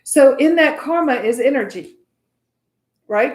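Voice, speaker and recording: A woman's voice: a little high, big pitch swings, moderate pace, darkish tone, echoey room. A woman from the United States teaching meditation in a casual, chatty way, often checking in with "right?".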